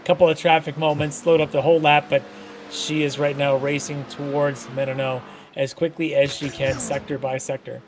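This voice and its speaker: A man's voice: fairly high pitch, level tone, moderate pace, background noise. A man commentating an online sim race, mixing race calls with jokey banter. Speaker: play-by-play commentator.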